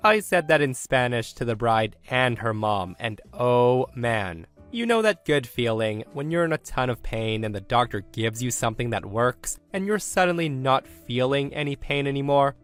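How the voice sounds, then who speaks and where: Steady male storyteller reading online posts, soft music bed underneath. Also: medium pitch. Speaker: narrator. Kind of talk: scripted narration of online stories. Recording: faint music behind.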